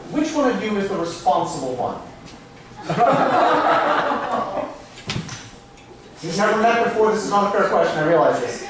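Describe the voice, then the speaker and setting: A man's voice: high-pitched, sing-song, a little slow, long pauses. A man performing as a stage magician, bantering playfully with volunteers and poking fun at himself. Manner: playful, self-mocking, chatty with asides. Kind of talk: comic stage patter with volunteers. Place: small theatre stage, live audience. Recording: echoey, distant live room recording.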